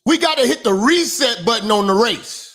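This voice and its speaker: A man with a very high, bright, forceful voice delivers a profane commentary monologue. He preaches with emphasis and often pushes up into shouts to drive his points home. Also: expressive, normal speed. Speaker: online commentator and minister.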